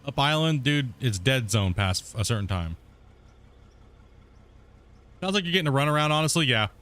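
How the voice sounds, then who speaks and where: This time the streamer's fairly bright, medium-pitched voice has a sing-song lilt at a moderate pace. Still mid-game and chatting casually, he vents hotly to his audience with frequent cursing.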